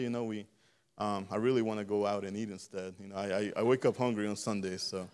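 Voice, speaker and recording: A man preaching a sermon in a conversational way, often repeating words and restarting, then swelling louder on key phrases. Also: fairly low pitch, steady tone, fairly quick, clean tone.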